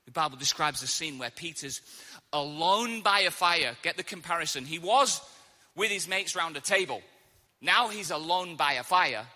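A man's voice: fairly high pitch, normal speed, in a large hall. A man preaching a sermon, telling stories animatedly and acting out the quotes. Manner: animated storytelling with acted-out quotes.

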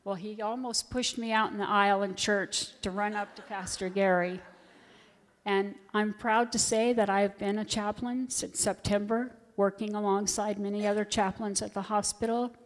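A woman's voice: medium pitch, steady tone, moderate pace. Earnest woman speaking in a reverberant church. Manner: earnest, heartfelt storytelling. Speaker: volunteer hospital chaplain. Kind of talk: church testimony talk.

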